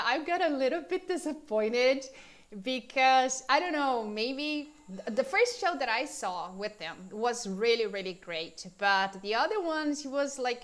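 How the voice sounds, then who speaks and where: A woman's voice: mid-range voice, fairly bright tone. A woman from Brazil, a native Portuguese speaker, teaching a live English class in a chatty, informal way, with many fillers and questions put to viewers.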